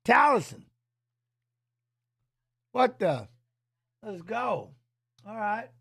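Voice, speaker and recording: Middle-aged male streamer, loose chatty fight talk, higher-pitched voice. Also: moderate pace, no room sound, studio quality. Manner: rambling, loose, drops filler tags. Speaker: streaming host and former fighter. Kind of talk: casual livestream chat while watching fights. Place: home office.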